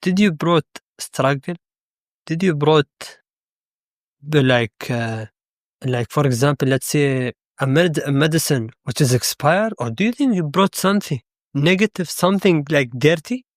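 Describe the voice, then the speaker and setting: A man with a somewhat high voice gives an off-the-cuff motivational talk. He wanders through his story and keeps turning to ask the listener questions. His voice is recorded dry and close, with no room sound. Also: lively intonation, measured pace, dry recording. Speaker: motivational speaker.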